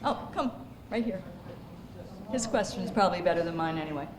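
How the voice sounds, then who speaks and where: A woman's voice: on the low side, lively intonation, a little fast. A woman hosting a gala, lightly coaxing the audience for stories and questions. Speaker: event host taking audience questions. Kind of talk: moderating a gala Q&A. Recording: echoey hall with crowd chatter.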